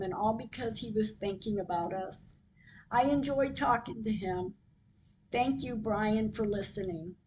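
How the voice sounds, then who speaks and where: A woman hosting her own podcast, reading her diary entries aloud in a slow, measured way. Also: a little high, a little mellow, slight background noise, low-quality recording. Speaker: podcast host.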